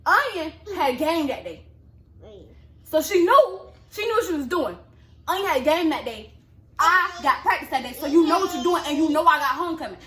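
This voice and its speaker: A young woman telling a story in casual chat, animated, acting out quotes in a high yelling voice. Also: moderate pace. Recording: echoey room with clear background noise.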